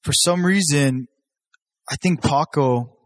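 A man's voice: fairly high pitch, takes it slowly, no room sound. A young man telling stories in a casual chat, swearing freely and jumping his voice up to act out what people said. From Southern California. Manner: profane, animated, acts out quotes in raised voice.

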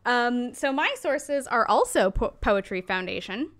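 A woman's voice: on the high side, expressive, a little slow, heavy background noise. Woman, chatty podcast co-host. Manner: chatty, frequent ums and self-corrections. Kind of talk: casual chat.

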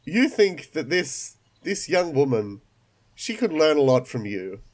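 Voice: medium pitch, very animated, measured pace. A game master narrating an online tabletop game, voice still recovering after being sick.

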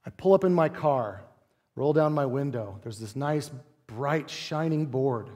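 A man's voice: mid-range voice, expressive, measured pace, darkish tone, big-room sound. A pastor in his forties preaching a sermon in a conversational, playful way, often asking the congregation rhetorical questions. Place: church sanctuary.

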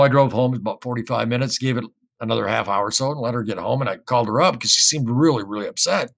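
A man telling a story in casual speech, rambling and repeating himself, getting animated when he quotes other people. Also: medium pitch, vocal fry. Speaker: guest recounting an experience.

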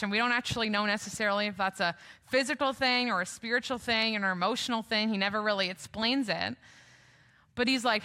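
A woman's voice: mid-range voice, fairly quick, bright, forceful tone. A woman preaching a sermon in a conversational way, often asking the congregation questions.

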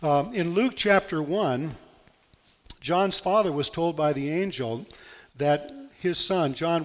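A male pastor preaching a sermon, reading scripture aloud in an earnest, emphatic way. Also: medium pitch. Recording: long hall reverb.

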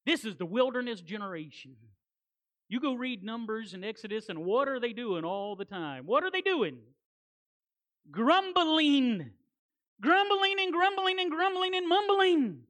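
A woman preaching a sermon as guest preacher, animated, repeating words for emphasis, with conversational folksy asides. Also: a little high, measured pace.

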